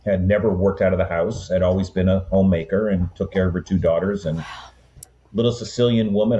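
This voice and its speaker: A man in his sixties speaks with a very low, dark, mellow voice. He tells his story in an easy, rambling way, full of asides and fillers. The sound is a little dull and lo-fi. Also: fast. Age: 60s. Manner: relaxed, rambling anecdotes with frequent "um" and "you know". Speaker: guest. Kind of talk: conversational storytelling.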